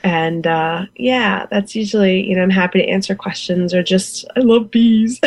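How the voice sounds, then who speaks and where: A woman's voice: mid-range voice, moderate pace, a little mellow, dry recording, rough recording. A woman in her forties from the United States, a guest beekeeper chatting in an interview, enthusiastic and laughing often. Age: 40s. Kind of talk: casual interview chat.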